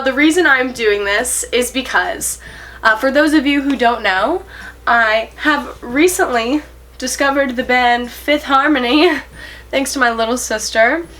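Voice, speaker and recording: A woman's voice: high voice, unhurried, a bit bright, faint music behind. An eighteen-year-old woman talking to camera in a casual vlog, earnest and a little nervous, rambling with fillers and self-corrections and breaking into giggles. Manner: giggly, self-conscious laughs. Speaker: vlogger.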